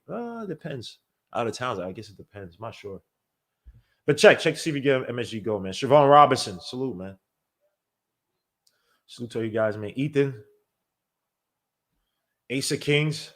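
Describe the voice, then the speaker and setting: A man hosting a live basketball watch-along podcast, chatting casually and animatedly, shouting out viewers by name. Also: medium pitch. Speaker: podcast host.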